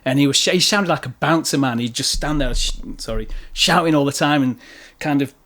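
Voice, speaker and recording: A man's voice: a little high, a little fast, a bit bright. Chatty male podcast host. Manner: chatty, agreeing, anecdotal. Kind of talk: casual chat over drinks.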